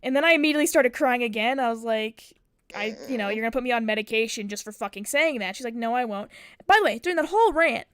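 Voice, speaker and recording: Young woman streamer, higher voice, dry close sound, rambling profane storytelling. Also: lively intonation, quick pace, a bit bright, clear, resonant tone, dry recording. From United States. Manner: profane, rambling with many fillers. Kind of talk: casual storytelling.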